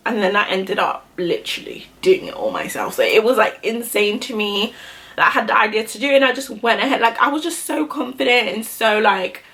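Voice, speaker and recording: A woman's voice: fairly high pitch, animated, brisk, a bit bright. A young woman chatting casually to the camera while getting ready, rambling and filling her speech with "like". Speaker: beauty vlogger. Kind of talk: casual get-ready-with-me chat.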